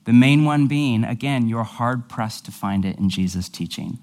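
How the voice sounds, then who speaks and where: A man's voice: mid-range voice, animated, moderate pace, darkish tone. A male pastor teaching a sermon in a conversational, explanatory way, with casual asides.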